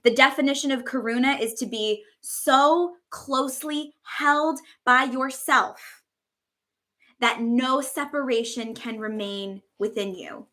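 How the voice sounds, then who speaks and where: A woman's voice: high voice, slow, fairly bright tone. A woman hosting a spiritual podcast, teaching in an effusive, casual way, swearing freely and stretching out words for emphasis.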